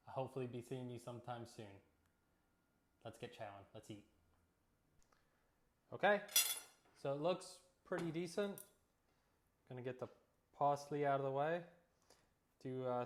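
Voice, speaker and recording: A man hosting a casual cooking vlog, telling relaxed, joking stories as he cooks and eats in his home kitchen. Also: mid-range voice. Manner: relaxed storytelling with jokes. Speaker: cooking vlogger.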